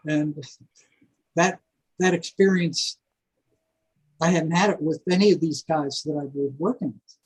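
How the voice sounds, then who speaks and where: An older man telling a long story in a rambling, animated way, full of fillers and asides. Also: on the high side, a little slow, pauses often, breathy edge, poor audio. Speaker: guest, former prison psychology worker. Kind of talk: casual storytelling interview.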